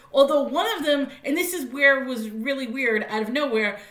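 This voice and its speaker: A woman's voice: high voice, normal speed, fairly bright tone, roomy sound. A woman giving a casual, chatty spoken movie review, often laughing and using lots of fillers.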